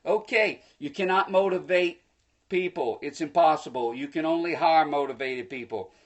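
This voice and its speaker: A man giving a live-streamed motivational talk, preachy and energetic, speaking to viewers through a phone. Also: on the high side, moderate pace. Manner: energetic, preachy, bursts into excited shouts; folksy, addresses viewers directly. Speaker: motivational speaker hosting a livestream.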